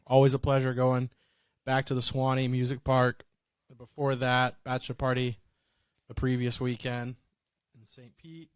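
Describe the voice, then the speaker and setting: A man's voice: medium pitch, little pitch movement, normal speed, smooth, no room sound. Easygoing guy on a podcast, laughs a lot, dry close mic. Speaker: podcast co-host. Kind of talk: casual podcast chat. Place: in Florida.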